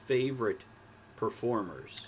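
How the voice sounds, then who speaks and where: Relaxed, talkative man hosting a chat. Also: lowish voice, a little slow, noisy background. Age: 40s. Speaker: podcast host. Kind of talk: casual chat.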